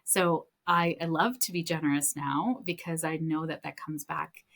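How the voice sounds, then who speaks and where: Female podcast host, low-pitched, chatty storyteller with fillers, upbeat spiritual chat. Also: fairly even intonation, moderate pace, fairly bright tone. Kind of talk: casual spiritual talk.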